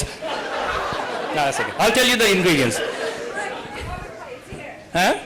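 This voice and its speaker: A man from Bangladesh doing a stand-up comedy set on a club stage, jumping into quick character voices. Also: high voice, very animated, crowd noise, rough recording.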